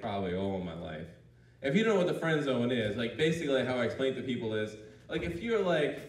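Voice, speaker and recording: A man doing a crude, rambling stand-up comedy routine on a club stage, full of "like" fillers. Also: medium pitch. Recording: roomy, distant mic in a club.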